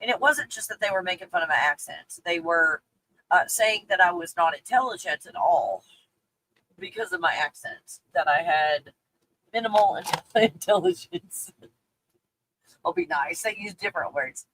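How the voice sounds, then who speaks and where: A woman's voice: on the low side, lively intonation, normal speed, fairly bright tone, a little hiss or hum, poor audio. A woman from Texas with a faint Texas accent, chatting casually on a livestream, reading viewer comments, swearing freely and laughing often. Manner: profane and candid, laughs often.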